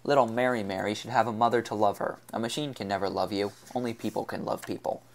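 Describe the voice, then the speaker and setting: A man's voice: fairly low pitch, steady tone, fast talker, lightly acted. A man reading the part of a troubled young woman in an audiobook, with a trembling, scornful delivery. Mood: bitter.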